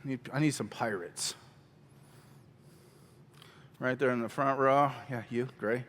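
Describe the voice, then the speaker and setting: A man leading a church skit class, coaxing volunteers in a lively way and laughing often. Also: medium pitch, unhurried, big-room sound. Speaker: drama workshop teacher. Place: church hall.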